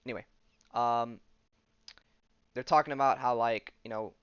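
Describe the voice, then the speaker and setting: A man's voice: medium pitch, fairly even intonation, normal speed, smooth, no echo, highs cut off. A man hosting a podcast, recapping a comic in a loose, rambling way with lots of "like" and "um". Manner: rambling, full of "like" and "um", paraphrases dialogue loosely. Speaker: podcast host. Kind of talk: casual comic-book recap.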